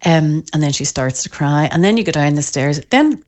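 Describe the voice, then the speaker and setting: A woman, a parenting expert giving an interview, who talks in an animated way and often acts out parents' voices. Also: low voice, moderate pace. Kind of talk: podcast interview.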